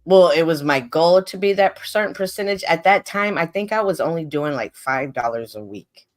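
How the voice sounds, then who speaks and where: Woman guest, earnest and animated storyteller, live stream chat. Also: low-pitched, normal speed. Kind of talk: casual conversation about faith.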